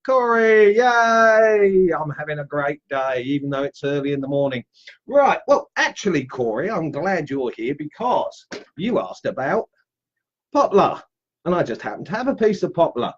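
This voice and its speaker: On a live stream with lo-fi sound, a man with a fairly high voice shows how to carve wood. He's chatty and upbeat, greeting viewers casually as he works.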